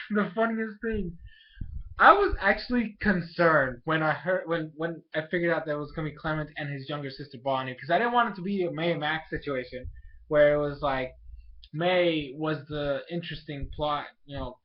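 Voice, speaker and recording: A young man talking through a casual video review of a cartoon episode, rambling and full of fillers. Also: fairly high pitch. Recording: dull lo-fi home recording.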